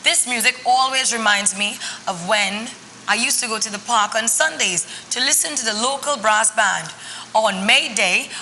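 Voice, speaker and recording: A woman's voice: on the high side, pushed and bright, a little hiss or hum. A woman voicing a cheerful elderly grandmother from Yorkshire with a Yorkshire accent, chatty and fond, in an echoey studio. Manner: fond, chatty, calls the child lovey.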